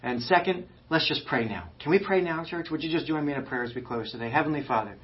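Fired-up preacher man, slightly high voice. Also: fast talker, lo-fi sound, slight background noise. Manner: fired up, emphatic, swings from loud urging to quiet. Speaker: pastor. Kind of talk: sermon.

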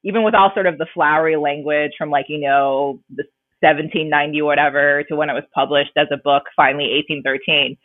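A woman's voice: low voice, fairly even intonation, quick pace, dry recording. A woman co-hosting a podcast, chatting casually and rambling as she corrects herself. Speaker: podcast co-host. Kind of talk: casual chat. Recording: tinny, dry phone-like line.

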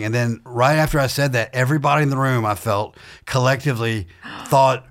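A man's voice: mid-range voice, steady tone, brisk. A man who grew up in the southern US, a stand-up comedian telling rambling stories on a podcast. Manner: rambling, self-interrupting, laughs while telling stories. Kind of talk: casual storytelling chat.

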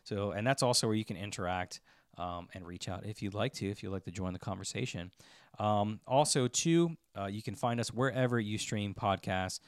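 A man's voice: lowish voice, normal speed, smooth, no echo, clean studio sound. A man co-hosting a podcast, running through housekeeping in an easygoing, casual way. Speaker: podcast co-host.

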